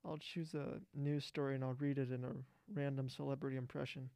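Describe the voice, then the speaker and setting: A man's voice: mid-range voice, flat delivery, a little fast, vocal fry, warm tone, clear, resonant tone, dry recording. A young man chatting casually and offhandedly, rambling a bit and repeating words. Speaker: podcast guest. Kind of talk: casual chat.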